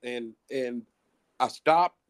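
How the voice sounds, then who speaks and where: With a clean tone and a mid-range voice, this middle-aged man draws out his words. He's a musician guest telling long, rambling stories in casual chat, profane and full of restarts.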